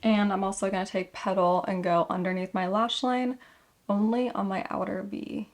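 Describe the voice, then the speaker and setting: A woman's voice: medium pitch, fairly even intonation, normal speed. A young woman vlogger chatting casually through a makeup tutorial, rambling and correcting herself as she goes.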